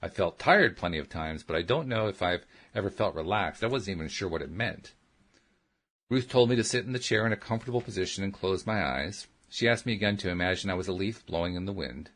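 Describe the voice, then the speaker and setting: Low, husky man reading a memoir. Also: a little fast. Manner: steady, earnest storytelling in the first person. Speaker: radio host reading aloud.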